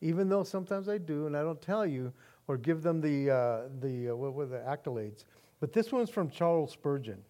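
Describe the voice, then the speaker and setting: Male pastor with a high voice, earnest sermon delivery with frequent restarts, moving between soft and emphatic. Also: expressive, normal speed.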